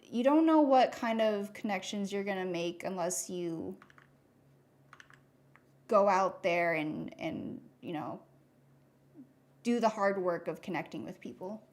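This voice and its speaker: A young woman hosting a live art stream, chatting casually and reading chat aloud while she draws. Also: mid-range voice.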